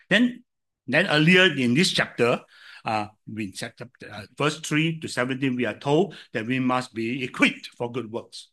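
An older Singaporean man with a Singaporean English accent preaches a sermon, telling animated stories from his own life and posing rhetorical questions to his listeners. His voice is mid-range and moderately paced.

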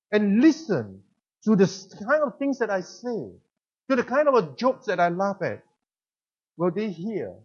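A middle-aged man with a Singaporean English accent preaches with a high, husky voice. He tells a personal story and asks rhetorical questions at an animated pace. The recording sounds a little dull and muffled.

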